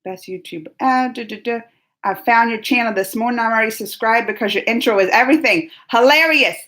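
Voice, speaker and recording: High-voiced, playful woman vlogger. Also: a little fast. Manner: animated and playful, laughs often. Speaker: video host reading live comments. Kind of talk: casual live-chat vlog.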